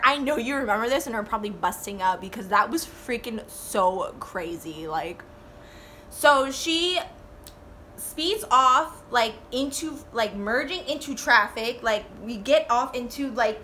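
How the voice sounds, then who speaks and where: A woman in her twenties telling a storytime vlog in a casual, animated way, swearing and saying "like" a lot. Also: on the high side, measured pace, a little hiss or hum. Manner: animated, swearing, full of "like" fillers.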